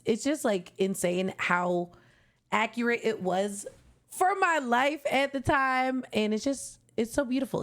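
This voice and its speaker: A young woman streamer reacting to an album, talking in a heartfelt, gushing way that turns tearful at times. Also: fairly high pitch. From Canada. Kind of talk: emotional casual reaction commentary.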